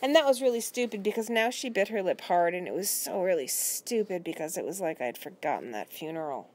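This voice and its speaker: Library reader, woman, low voice, expressive, unhurried storybook narration. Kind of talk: storybook read-aloud.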